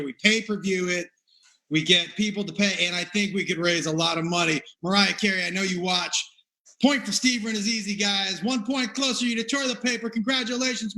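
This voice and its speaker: A man hosting a comedy panel game, upbeat and quick to laugh. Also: high voice, sharp tone. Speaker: game show host.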